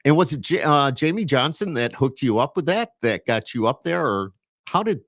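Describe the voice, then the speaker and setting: A man's voice: medium pitch, big pitch swings, normal speed, a bit bright, no room sound, studio quality. A man with an Upstate New York accent hosting a podcast, chatty and rambling as he talks with a guest over a video call. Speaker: podcast host. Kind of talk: casual interview chat.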